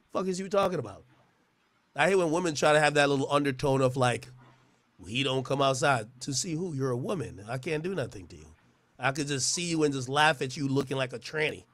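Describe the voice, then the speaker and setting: A man's voice: on the high side, a little fast, a bit bright, no echo. A man delivering a profane, mocking roast rant, often stammering and restarting his words. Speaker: internet personality. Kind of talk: trash-talking roast rant.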